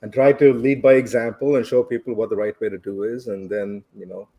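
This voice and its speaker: A man's voice: lowish voice, flat delivery, a little fast, dark tone. A man from India, reflectively telling a personal story as a podcast guest and chuckling along the way. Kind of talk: casual storytelling.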